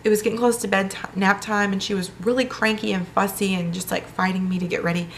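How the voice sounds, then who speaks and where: A woman's voice: medium pitch, steady tone, quick pace, slight background noise. A young woman chatting in a casual vlog, telling a personal story with lots of fillers. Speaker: vlogger.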